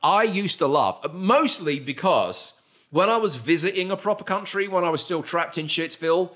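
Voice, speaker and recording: A man's voice: high-pitched, lively intonation, normal speed, a bit bright. Southern British man telling rambling anecdotes. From southern England. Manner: rambling, self-mocking anecdotes with acted-out quotes. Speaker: podcast host. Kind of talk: casual chat, storytelling.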